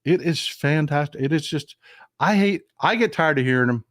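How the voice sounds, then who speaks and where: A man's voice: on the high side, expressive, normal speed, a bit bright, no room sound, studio quality. A man with a Southern American accent hosting a casual political live stream, talking in a folksy, emphatic way and answering his chat.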